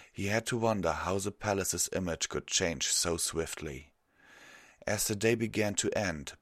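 A man narrating a fan fiction story aloud in a measured, even way. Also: deep voice, no room sound, studio quality. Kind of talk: audiobook reading of fan fiction.

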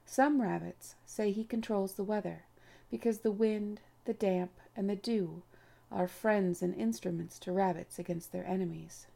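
A woman narrating an audiobook in a measured, unhurried way. Her voice is dark and mellow with a gravelly fry underneath. Her pitch sits in an ordinary middle range for a woman. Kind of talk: scripted narration.

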